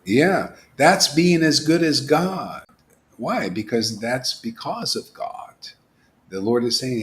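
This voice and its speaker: Animated man preaching, hushed to loud. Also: medium pitch, takes it slowly. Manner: asks rhetorical questions, laughs at his own jokes. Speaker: spiritual teacher. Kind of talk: informal devotional sermon.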